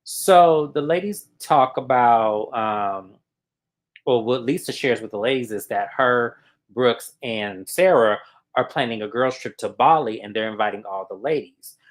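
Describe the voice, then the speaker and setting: A man co-hosting a casual reality TV recap, telling the scenes in an animated way and acting out what the cast said. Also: medium pitch, unhurried. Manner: animated storyteller who acts out quotes.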